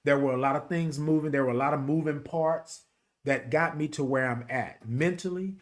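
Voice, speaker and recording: A man's voice: a little high, moderate pace. A man from Texas with a country twang, hosting a casual, emphatic talk show and speaking straight to his listeners in a folksy way. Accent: Texan, country. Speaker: podcast host and HIV advocate. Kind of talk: casual direct-to-audience talk.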